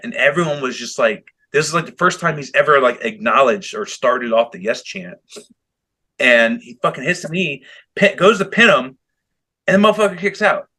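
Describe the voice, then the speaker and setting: A podcast co-host recaps a wrestling match in casual chat, animated and swearing heavily while acting out quotes. His voice is fairly high with a breathy edge.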